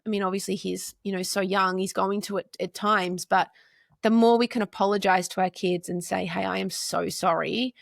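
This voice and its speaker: A woman's voice: mid-range voice, level tone, brisk, creaky, no room sound, studio quality. A woman in her forties, a podcast guest and counselor, talking earnestly in casual interview chat and stringing her points into long lists of short phrases.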